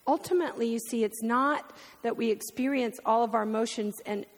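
A woman's voice: on the high side, brisk. Heartfelt woman preaching in a reverberant church. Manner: heartfelt, speaks through tears at times. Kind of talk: sermon. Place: church sanctuary. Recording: long hall reverb.

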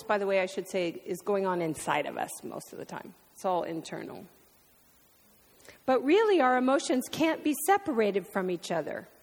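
Heartfelt woman preaching in a reverberant church. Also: on the high side. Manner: heartfelt, speaks through tears at times. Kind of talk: sermon. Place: church sanctuary. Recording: long hall reverb.

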